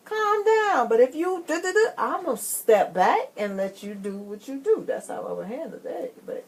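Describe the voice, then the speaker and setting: A woman's voice: a little high, sing-song, normal speed, darkish tone. A woman hosting a radio talk show, laughing along and steering her guests back to her questions. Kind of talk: casual chat. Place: radio studio.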